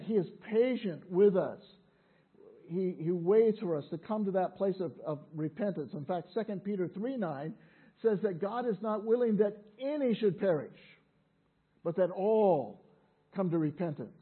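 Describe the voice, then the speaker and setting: A man's voice: sits high, husky. A man preaching a sermon in a conversational way, often repeating words as he restarts. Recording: tinny phone-like sound.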